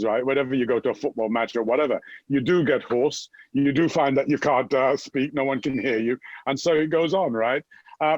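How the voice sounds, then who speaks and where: A man's voice: mid-range voice, dry recording, dull audio. A man from Jamaica with a Jamaican accent, chatting as an upbeat fitness guest and often tagging his points with "right?". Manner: energetic, keeps tagging "right?". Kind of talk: upbeat motivational chat.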